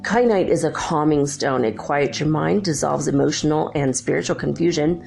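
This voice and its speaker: Woman, middle-aged, chatty storyteller, mellow gravelly tone. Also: deep voice, normal speed, faint music behind. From California. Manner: chatty, acts out quotes, laughs often. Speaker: podcast host. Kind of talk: casual storytelling monologue.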